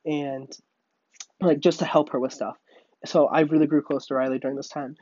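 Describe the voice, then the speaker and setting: A man's voice: a little high, steady tone, moderate pace, mellow, no echo, muffled recording. A man casually telling a childhood story, chatty and laughing, leaning on "like" and "literally".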